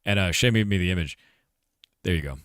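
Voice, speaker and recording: A very deep-voiced middle-aged man chats casually on a live stream, laid-back and laughing often. He reads viewers' questions aloud and answers them, calling everyone "dude." The sound is close and dry, with no room around it. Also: fast talker, a bit bright, clean tone, no room sound. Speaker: streamer and game developer.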